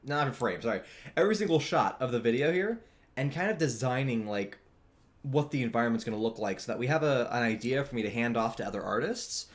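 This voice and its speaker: A young man streaming as he draws, chatting in a relaxed way, answering chat and laughing often. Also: medium pitch, fast. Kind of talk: casual chat while drawing on stream.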